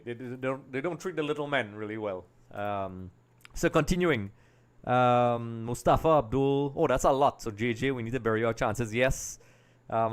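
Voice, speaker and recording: Trini guy streaming a match watch-along, smooth clear voice, chatty then loud and excited on chances. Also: mid-range voice. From Trinidad and Tobago. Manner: chatty, reads comments aloud, bursts into excited play-by-play. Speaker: live stream host. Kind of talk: live watch-along commentary.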